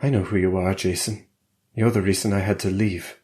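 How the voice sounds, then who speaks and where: Low guy doing a tired guilty doctor, deep voice, confessing stuff, spy audiobook. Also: little pitch movement, brisk, darkish tone, natural voice. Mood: weary.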